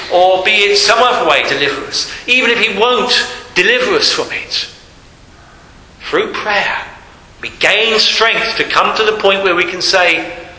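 Male preacher, bright, fairly high voice, earnest sermon delivery that drops to hushed emphasis, echoey hall. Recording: echoey hall with long reverb, faint hiss.

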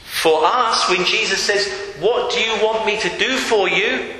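A man preaching a sermon, slow and emphatic, repeating key phrases for weight. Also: high voice, bright, forceful tone. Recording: echoey hall with long reverb.

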